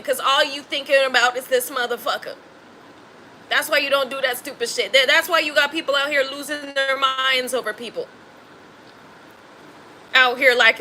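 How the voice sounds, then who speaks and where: Emphatic, bright-voiced woman tarot reader. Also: high-pitched, moderate pace, a little hiss or hum, low-quality recording. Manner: emphatic, blunt and slangy, swears freely. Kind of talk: spiritual tarot reading.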